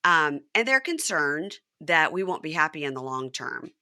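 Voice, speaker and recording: A woman in her thirties hosting a podcast, recapping a reality show in casual chat and acting out the cast's lines in lively voices. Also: deep voice, moderate pace, dry recording, clean studio sound. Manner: animated, acts out quotes in lively voices. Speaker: podcast host.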